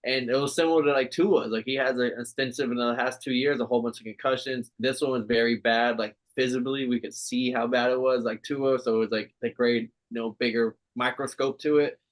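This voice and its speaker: Animated man in casual sports chat. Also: mid-range voice, fairly quick, few pauses. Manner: animated, swearing, laughing often. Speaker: podcast co-host.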